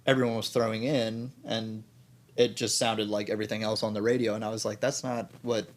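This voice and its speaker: A man's voice: lowish voice, flat delivery, fairly quick. Opinionated, cussing Oklahoma guy. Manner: opinionated, swears freely, trails off in fillers. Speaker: band member guest. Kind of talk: casual podcast chat.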